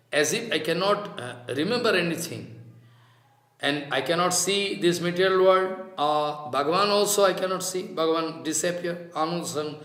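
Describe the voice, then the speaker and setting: High-voiced man giving a reflective sermon. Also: bright, forceful tone. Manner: slow and reflective, chanting Sanskrit verses and explaining them. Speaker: spiritual teacher. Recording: roomy echo.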